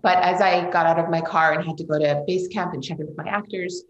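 A woman speaks as an interview guest, earnest and emotional, often pausing and restarting. Her voice sits a little low. It is recorded in a noticeably echoey room. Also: steady tone, lo-fi sound. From Canada. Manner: earnest, emotional storytelling with many fillers and restarts. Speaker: film director, interview guest. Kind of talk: interview conversation.

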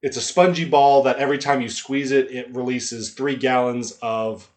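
A man, the game master and co-host of a podcast, casually recounting a tabletop session in a relaxed, rambling way. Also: medium pitch, moderate pace. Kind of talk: casual recap chat.

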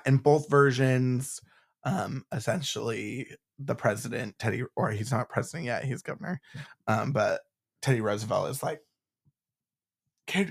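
A man co-hosting a podcast in casual chat, animated and acting out lines in high voices. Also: creaky. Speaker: podcast co-host.

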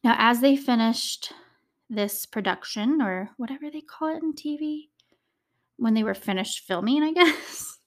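A woman's voice: on the high side, animated, unhurried. A young woman hosting a true crime podcast, telling the case in a chatty, casual way with emotional asides and many "like"s. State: choked up, tearing. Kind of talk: casual storytelling.

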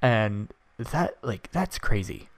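A man's voice: fairly low pitch, animated, slow, no room sound. A young man in his early twenties hosts a podcast alone, giving his opinions in a rambling, casual monologue full of restarts. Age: early 20s. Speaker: podcast host.

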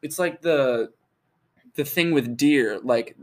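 A man's voice: medium pitch, slow pace. Casting: young guy, casual storyteller, loose and profane, lots of filler. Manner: rambling storytelling with heavy filler and swearing. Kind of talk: casual chat.

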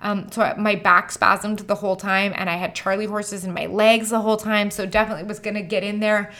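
A young woman shares a personal story in a loose, chatty way, peppering her sentences with "like" and "um". Her pitch sits in a middle range for a woman, and she tells it with animated energy. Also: a little fast. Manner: chatty, animated, many "like" fillers. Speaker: mother telling her birth story.

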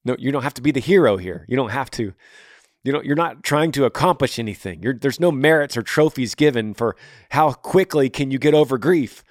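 A man's voice: medium pitch, animated, fairly quick, no room sound, studio quality. A podcast host in his thirties answering a listener's question on grief, blunt and earnest, speaking in repeated rhythmic phrases. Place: home room.

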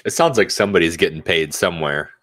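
A man's voice: low voice, fast, fairly bright tone. A man co-hosting a casual chat, adding wry, teasing remarks. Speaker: podcast co-host.

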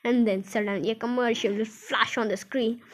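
A woman voicing an eccentric, excitable male chocolate maker in a storybook reading, exclaiming like a showman. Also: a little high, a little hiss or hum, lightly acted. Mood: excited. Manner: exclaiming, fast-shifting, showman-like.

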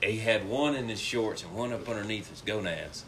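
A man's voice: fairly low pitch, moderate pace, fairly bright tone, slight background noise. A young man, casually telling a rambling story and laughing through it.

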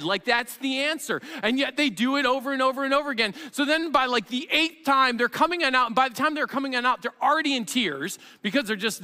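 Bright-voiced pastor preaching in a reverberant hall. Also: male voice, very high-pitched. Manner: animated storytelling, acts out parent and child. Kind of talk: sermon. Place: church sanctuary with long reverb.

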